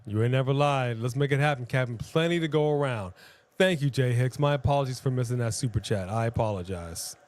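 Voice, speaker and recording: A man's voice: mid-range voice, fairly quick, darkish tone. Joking man co-hosting a wrestling stream. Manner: joking, playful, jumps into silly voices. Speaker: co-host of a wrestling watch-along stream. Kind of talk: casual live-stream chat.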